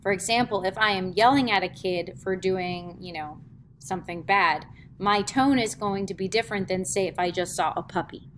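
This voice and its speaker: A woman teaches a middle school theatre class in a classroom, in a chatty lecture style. She fills pauses with "um" and breaks off to demonstrate what she means. Her voice sits in a middle range, with a faint hum behind it. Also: medium pitch, fairly bright tone. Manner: chatty, explains with quick demonstrations and many "um"s.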